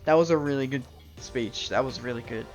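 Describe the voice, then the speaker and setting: A man's voice: mid-range voice, brisk, soft background music. A man live-streaming a game, chatting casually with his viewers and swearing freely. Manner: casual, swearing, talks to chat. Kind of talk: live gameplay commentary.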